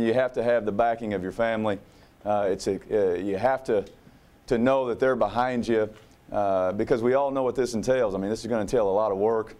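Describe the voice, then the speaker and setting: A man in his thirties from Oklahoma with a drawl, a new basketball coach speaking humbly and haltingly at a press conference. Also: on the low side, a little mellow. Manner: humble, halting, many "uh"s and repeats.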